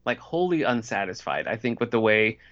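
A man's voice: on the low side, sing-song, brisk, a bit bright, lo-fi sound. A man in his forties co-hosting a podcast, chatting casually about a TV episode and leaning on lots of "like" and "you know". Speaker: podcast co-host. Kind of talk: casual TV recap chat.

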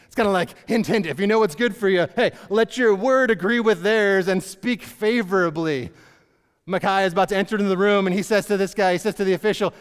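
A high-pitched man delivers a relaxed storytelling sermon, slipping into lively put-on voices for the characters. His talk is loose and chatty, full of fillers and restarts. The sound rings with the long tail of a large church hall. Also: a little fast, clean tone. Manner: chatty, animated retelling with acted-out voices and many fillers. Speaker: preacher.

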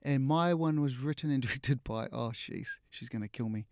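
A man's voice: medium pitch, normal speed, smooth, dry recording, clean studio sound. A middle-aged man with a New Zealand accent, an actor being interviewed, telling casual stories and acting out what people said, laughing often. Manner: animated, acts out quotes, laughs often. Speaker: actor, guest.

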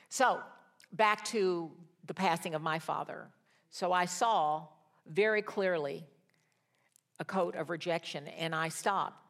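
An older woman leads a Bible study like a sermon. Her voice sits a little low, and her storytelling drops to a hush before it rises into rousing calls. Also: vocal fry. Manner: storytelling, swings from hushed to rousing. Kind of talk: sermon-style teaching.

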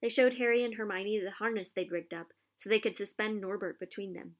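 A woman reading a children's novel aloud with expressive storytelling. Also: medium pitch, a little fast.

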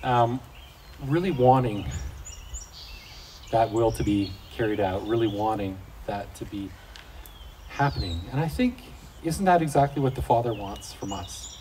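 With a fairly low, dark, expressive voice and an unhurried pace, a middle-aged Christian speaker addresses fathers in a casual devotional talk. He tells folksy, joking stories about family life, captured on a distant mic with faint outdoor noise.

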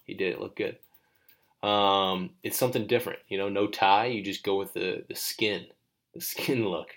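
Laid-back man, low voice, rambling. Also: fairly even intonation, moderate pace, fairly bright tone. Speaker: podcast co-host. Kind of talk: casual chat. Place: studio.

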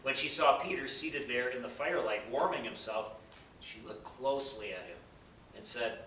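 A man reading scripture aloud in a measured, solemn way. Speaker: scripture reader. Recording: bright roomy echo, distant mic, faint rumble.

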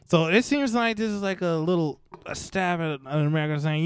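A man giving casual, blunt, profanity-laced commentary on news stories, mocking and animated as he goes. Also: fairly high pitch, fairly quick, hardly any pauses, clear, resonant tone, no room sound.

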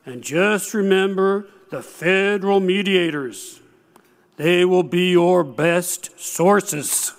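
A folksy, blunt older newspaper editor with a thick North Carolina drawl, as a speaker puts him on. He stretches his words out slowly and leans on each point. His pitch sits a touch high for a man. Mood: instructive. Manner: slow, drawling, emphatic advice.

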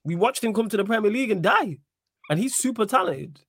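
A man's voice: high voice, expressive, fast, fairly bright tone, breathy edge, no room sound, studio quality. A man hosting a casual football podcast, talking in an emphatic, opinionated way and repeating his points. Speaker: podcast host. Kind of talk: casual football chat with live chat readout.

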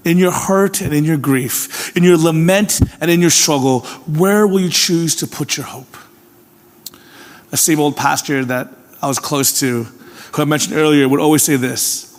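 A male pastor preaching a sermon, earnest and personal, swinging from emphatic calls to hushed, tender appeals. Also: fairly high pitch, normal speed. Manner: earnest, swings from emphatic to hushed, repeats "can I tell you". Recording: long reverb of a large hall.

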